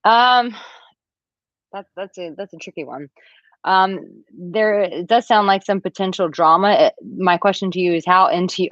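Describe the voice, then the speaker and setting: A woman in her thirties, a dating and relationship coach, chatting on a live-stream Q&A and reading out viewer comments. She talks animatedly and acts out quotes in a high, squeaky voice. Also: no room sound, lo-fi sound. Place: villa room, at home.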